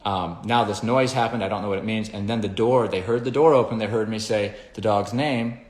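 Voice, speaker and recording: A man's voice: fairly low pitch, a little fast, reverberant. A man who trains dogs, explaining his methods in a rambling, conversational way and acting out little scenes with the dogs. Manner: rambling, conversational, acts out dog scenarios. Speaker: dog trainer. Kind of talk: casual explanatory talk.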